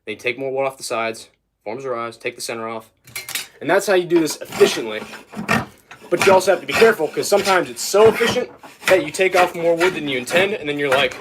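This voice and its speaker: A man's voice: fairly high pitch, animated, fairly quick, fairly bright tone, a little hiss or hum. A young man chatting casually on a livestream while working, rambling and easily sidetracked as he talks to his viewers. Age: young adult.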